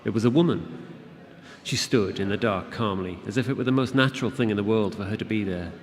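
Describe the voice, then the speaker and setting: A man reading his fantasy novel aloud to an audience at a convention, in a steady, measured narration. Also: on the low side. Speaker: author reading his book. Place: convention event room. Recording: long hall reverb with audience.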